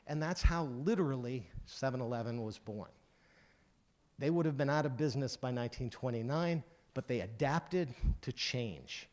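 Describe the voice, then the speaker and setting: A man in his sixties giving a conference keynote, telling career stories and acting out the voices of the people in them. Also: mid-range voice. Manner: anecdotal, lively storyteller acting out dialogue. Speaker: keynote speaker.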